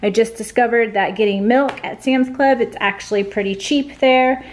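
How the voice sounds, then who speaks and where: A woman's voice: on the high side, normal speed. A woman in her thirties, a family vlogger, chatting casually to the camera in her home kitchen. She is out of breath, with an upbeat, rambling way of talking.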